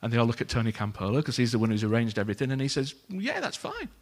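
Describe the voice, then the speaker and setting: A man preaching a sermon, telling a story in a lively way and acting out the characters' lines. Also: medium pitch, very fast.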